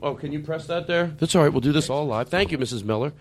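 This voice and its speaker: A man's voice: on the high side, fast talker. A man hosting a comedy podcast, playing a mock talk-show host with playful, giggly interruptions.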